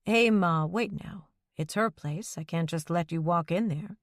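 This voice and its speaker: Woman narrating as a steady, plain-spoken widower, low-pitched, calm and terse, firm under pressure, in a dry close recording. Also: measured pace, no echo. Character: quiet, steady widowed man, stubborn when pushed.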